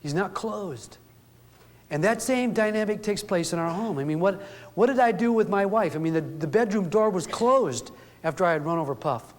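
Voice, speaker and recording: A man's voice: high voice, animated, moderate pace. A middle-aged man telling earnest, folksy stories to an audience, acting out the quotes as he goes. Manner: earnest, folksy storyteller who acts out quotes. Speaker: speaker. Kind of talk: storytelling talk to an audience. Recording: long hall reverb.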